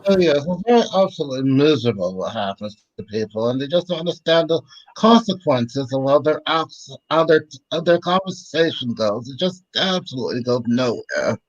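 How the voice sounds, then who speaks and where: A man's voice: medium pitch, animated, moderate pace, dry recording. Man from the Boston area on a muffled call. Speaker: guest on a live stream panel. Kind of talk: casual chat over a video call. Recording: dry, muffled remote call audio.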